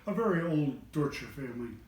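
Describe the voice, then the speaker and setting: A man voicing a frightened old gentleman who wails in a trembling, whining voice. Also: mid-range voice, sing-song, fairly quick, roomy sound, distant mic, lightly acted, poor audio. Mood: wailing.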